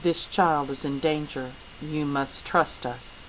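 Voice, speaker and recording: Woman reading doing a calm, serious alien beast, low and really slow. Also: a little hiss or hum, low-quality recording. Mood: calm, grave. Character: gentle, grave furry alien beast.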